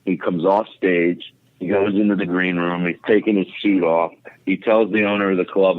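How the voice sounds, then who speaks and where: A man's voice: low voice, fairly even intonation, normal speed, no room sound. A man, a comedian guest, telling a story in casual, profane chat with lots of fillers, over a tinny phone line. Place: home podcast setup.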